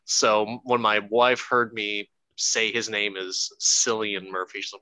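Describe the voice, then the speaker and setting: A man's voice: mid-range voice, expressive, takes it slowly, sharp tone, no echo, poor audio. A man co-hosting a podcast, chatting casually and jokingly about a movie, a little profane and rambling. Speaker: podcast co-host. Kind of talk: casual movie review chat.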